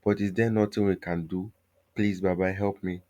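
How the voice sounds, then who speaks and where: A frightened woman hairstylist, pleading and begging for help, voiced by a male storyteller. The delivery stays deep and low, with no attempt to raise the voice to a woman's. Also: level tone, moderate pace, dark tone, close to an everyday voice. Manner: pleading, panicky.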